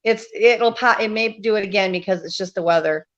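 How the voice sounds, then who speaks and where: A woman's voice: mid-range voice, fairly quick, fairly bright tone. A woman guest chatting casually and laughing easily on a radio show, calling in by video. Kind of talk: casual chat over a video call. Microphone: video call. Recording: dull video call audio.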